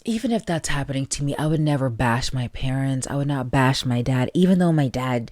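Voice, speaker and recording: A podcast host giving opinionated, animated solo commentary and talking straight to the listeners. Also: mid-range voice, brisk, no echo.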